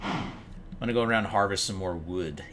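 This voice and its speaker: A man hosting a casual game session with friends, excitable and hammy, breaking into loud outbursts. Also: low-pitched, background noise. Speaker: gameplay host. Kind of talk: casual gaming chat with friends. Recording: keyboard clicks and typing.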